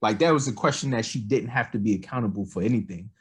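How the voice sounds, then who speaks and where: Brief: husky man with a lowish voice, podcast co-host, loose and animated. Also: fast talker. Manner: rambling, animated, lots of fillers. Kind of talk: casual political chat.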